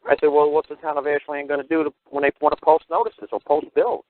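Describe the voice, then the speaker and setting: Fast-talking blunt man on talk radio. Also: on the high side, slight background noise. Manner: blunt, profane, animated storyteller. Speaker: radio show host. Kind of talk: call-in radio talk, storytelling. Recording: tinny phone-line radio audio.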